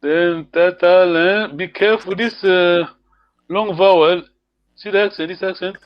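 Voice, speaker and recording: Encouraging teacher guy on a video call, talks slow, laughs a lot, muffled dry sound. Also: high voice, steady tone, smooth, dry recording. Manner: patient, encouraging, laughs often. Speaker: language teacher. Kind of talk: online language lesson. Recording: dull lo-fi video call audio.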